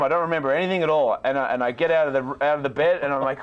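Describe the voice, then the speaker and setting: A man spins a rowdy anecdote in a slightly higher voice than most men, swearing freely and animated throughout. He breaks into laughter as he talks and keeps it loose and conversational. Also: rapid-fire, hardly any pauses, clear, resonant tone, muffled recording. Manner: profane, animated, laughs while telling. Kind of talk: casual anecdote telling.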